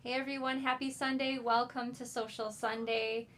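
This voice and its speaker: A woman's voice: fairly high pitch, flat delivery, normal speed. A woman hosting a casual live sewing chat, talking in a chatty, friendly way with many fillers. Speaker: sewing show host. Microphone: mic moved during the show, distant at first. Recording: sounds distant from the mic at first.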